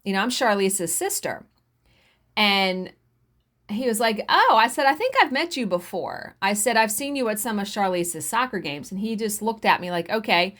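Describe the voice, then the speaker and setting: A woman in her forties telling a story casually while stitching, animated, swearing freely and acting out what others said. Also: medium pitch, moderate pace. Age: 40s. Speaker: cross-stitch vlogger.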